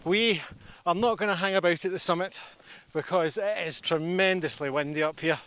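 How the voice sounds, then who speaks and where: A man's voice: high voice, moderate pace, a bit bright, clear, resonant tone. A Scottish man vlogging while climbing a steep mountain outdoors, out of breath and joking at his own expense. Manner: jokey, self-mocking while climbing. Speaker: hillwalking vlogger. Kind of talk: casual outdoor vlog chat. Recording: outdoor action camera with faint background noise.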